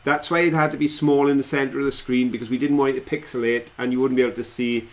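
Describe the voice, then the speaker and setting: Chatty man hosting a relaxed stream. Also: mid-range voice, fast. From England. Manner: chatty, rambling, laughs often. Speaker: co-host of a live stream. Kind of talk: casual live-stream chat.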